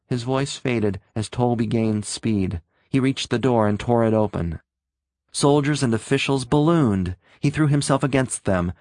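A man reads a story aloud in a steady, measured narration. His voice sits in a middle range, recorded close and dry. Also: mid-range voice, no echo. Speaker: audiobook narrator. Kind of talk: scripted narration.

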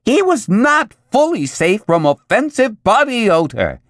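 A man voicing a pushy talking advertisement in a squeaky, shrill voice while reading an audiobook. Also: huge pitch swings, measured pace, a bit bright, no echo, clean studio sound, heavily acted. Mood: shrill, preachy.

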